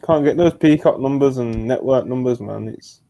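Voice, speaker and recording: A man's voice: mid-range voice, moderate pace, dark tone, no room sound. A British man hosting a wrestling podcast over a remote call, talking in a laid-back way and calling people "bro" and "man". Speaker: podcast host. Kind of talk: casual chat. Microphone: remote streaming call.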